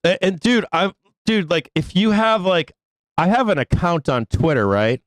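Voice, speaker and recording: Exasperated, profane trading show host. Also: male voice, high-pitched, expressive, moderate pace, no room sound, studio quality. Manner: exasperated, profane, pleading with viewers, laughs often. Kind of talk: live trading show rant.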